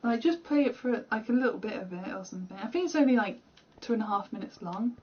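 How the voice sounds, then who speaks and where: A woman's voice: medium pitch, lively intonation, fast, husky, lo-fi sound. Chatty young British woman streamer. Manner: rambling, chatty, self-deprecating. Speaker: gaming streamer. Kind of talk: casual game commentary.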